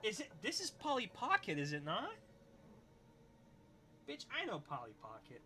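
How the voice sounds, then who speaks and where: A young man with a high, very bright and forceful voice, chatting loosely to his livestream chat. He rambles, swears constantly and breaks into laughter, reacting to messages as they come in. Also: wildly swooping pitch, moderate pace. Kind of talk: casual livestream chat reading chat.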